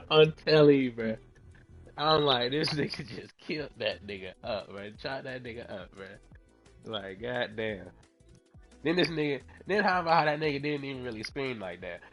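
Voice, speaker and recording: A man streaming a fighting game, telling stories in a loud, profane, laughing way. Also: medium pitch, a little slow, soft background music. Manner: profane, laughing, animated storytelling. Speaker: gaming streamer. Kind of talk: casual commentary while playing.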